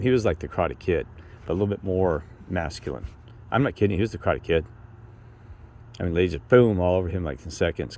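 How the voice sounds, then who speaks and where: Male vlogger, very deep voice, rambling and repetitive, faint vehicle noise behind. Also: darkish tone. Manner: rambling, repeats himself, quotes people in raised voice. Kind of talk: emotional rambling monologue.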